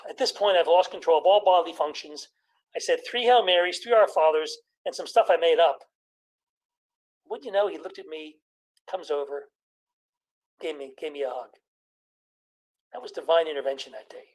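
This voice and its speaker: High-voiced man doing stand-up comedy. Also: low-quality recording. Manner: storytelling with quick jokes and impressions of family.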